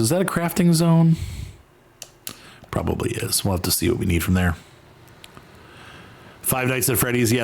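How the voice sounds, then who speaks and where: A man hosting a game stream, chatting casually and rambling between tasks, sometimes jumping into exaggerated voices. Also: on the low side. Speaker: gaming streamer host. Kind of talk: casual chat while playing a game.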